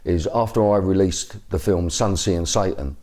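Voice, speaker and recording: Interviewed about his past, a Cockney guest in his fifties gives a meandering account packed with fillers and restarted sentences. His voice is low-pitched and dark, at a moderate pace.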